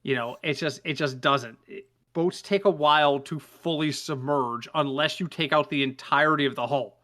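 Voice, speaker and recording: A man co-hosting a relaxed sports podcast. His voice is bright and sits a little high, and he tells stories with animated energy and laughter. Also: moderate pace. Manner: animated storyteller, laughs while telling. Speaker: podcast co-host. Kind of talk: casual sports podcast chat.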